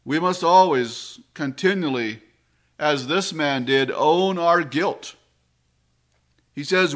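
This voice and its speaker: A man preaching a sermon in a slow, measured way, his voice dropping low and soft on solemn phrases.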